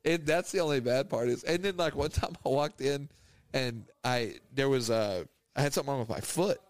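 A man's voice: mid-range voice, moderate pace, dry recording. A man, co-hosting a podcast in casual chat, rambling through funny stories and laughing often. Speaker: podcast co-host.

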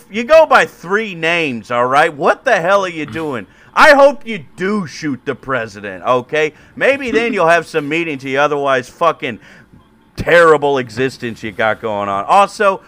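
A man putting on a rowdy drunk Irish hooligan heckling from a crowd, loud and jeering. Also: a little high, voice pushed up, heavily acted.

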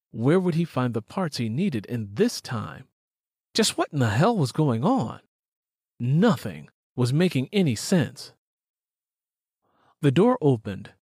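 Casting: unhurried male narrator, even and measured, dry close-miked studio sound. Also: mid-range voice, breathy edge, no room sound. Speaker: audiobook narrator. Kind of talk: scripted narration.

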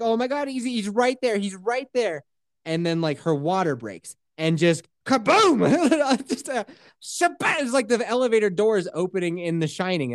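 A man's voice: sits high, dry recording, studio quality. A man telling a story in casual chat, swearing freely and acting out the quotes.

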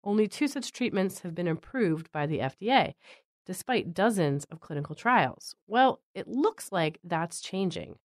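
A woman's voice: fairly low pitch, lively intonation, measured pace, dry recording, clean studio sound. A woman hosting a science news podcast, asking curious questions in a conversational way. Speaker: podcast host.

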